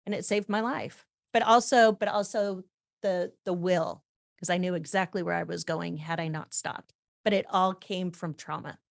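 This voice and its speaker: A woman's voice: fairly low pitch, steady tone, normal speed, creaky, dry recording, clean studio sound. A woman hosting a podcast, speaking in an emphatic, affirming conversational manner. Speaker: podcast host. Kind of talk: casual conversational interview.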